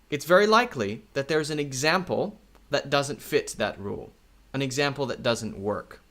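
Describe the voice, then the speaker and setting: A male English teacher talks through a video lesson at an easy, deliberate pace. His voice sits in a middle register but rises and falls in a lively way. He repeats key words and often stops to check in with "okay?". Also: medium pitch. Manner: slow, repetitive, checks in with "okay?".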